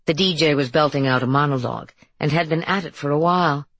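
A woman reads an audiobook in a low, husky voice with a creaky fry at the bottom. The recording is dry and close, with no room sound. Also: quick pace, dry recording. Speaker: audiobook narrator. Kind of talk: scripted narration.

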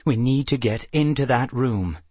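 A man reading an audiobook, voicing a dark unicorn in human form who speaks in a firm, clipped, commanding way. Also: mid-range voice, expressive, moderate pace, slightly rough, no room sound. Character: dark unicorn in man's form, cold and controlling. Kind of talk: audiobook character voice.

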